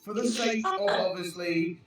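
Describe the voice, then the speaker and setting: A man playing a tabletop game, eager and quick to suggest plans. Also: high-pitched, heavy reverb, far from the mic, a crowd in the background, poor audio. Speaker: player.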